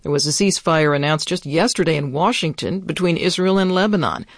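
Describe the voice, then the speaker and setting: A man reading the national news in a steady, measured way as the newscaster. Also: fairly high pitch, no echo, studio quality. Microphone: studio mic.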